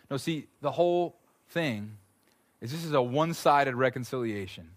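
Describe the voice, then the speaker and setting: A man in his thirties preaching a sermon, telling stories in an animated way and repeating words as he builds a point. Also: mid-range voice, moderate pace. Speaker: pastor.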